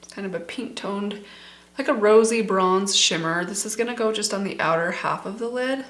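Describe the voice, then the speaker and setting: A woman's voice: medium pitch, moderate pace, a bit bright. A middle-aged woman beauty vlogger chatting casually and enthusiastically through a makeup tutorial, talking straight to her viewers. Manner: chatty, enthusiastic, addresses viewers as "you guys". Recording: echoey room.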